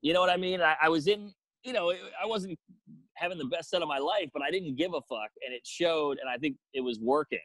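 A man's voice: a little high, brisk, dry recording, rough recording. A man tells a rowdy story from his stand-up career in a slightly raised voice, swearing freely and acting out every exchange. The sound is close and dry, with no room around it. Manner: profane, animated storytelling with acted-out quotes. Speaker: comedian guest. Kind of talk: casual storytelling chat.

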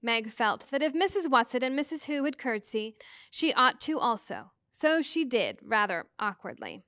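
Bright-voiced woman teacher reading aloud. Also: on the high side, sing-song, normal speed, dry recording. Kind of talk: reading a novel aloud to students.

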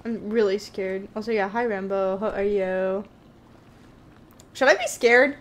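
Here a woman's mid-range voice moves at a measured pace as she provides live commentary on a horror game. She talks to her chat in a chatty, nervously jokey manner, owning up to being scared.

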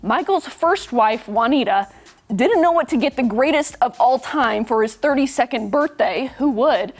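A woman's voice: high voice, expressive, normal speed. Chatty young woman reading entertainment news. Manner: bright, chatty delivery, reads then riffs. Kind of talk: morning news reading with banter.

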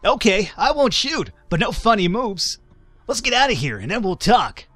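A young soldier talks like a surfer with a loud, easy drawl, put on by a man reading a game aloud. The voice sits well above his normal range. Faint music plays underneath. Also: high-pitched, sing-song, moderate pace, dry recording, voice pushed up, exaggerated voice. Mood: urgent.

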